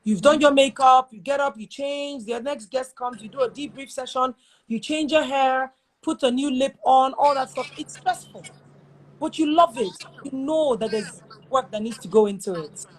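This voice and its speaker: A woman with a Nigerian accent, chatting as an interview guest and telling lively stories with quick asides. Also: high-pitched. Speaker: guest, show host. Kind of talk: casual interview chat.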